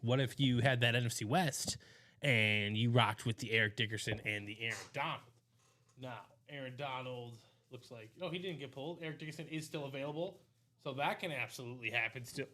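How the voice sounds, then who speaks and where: A man co-hosting a live stream, energetically pitching to viewers in casual chat. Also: fairly quick, sharp tone.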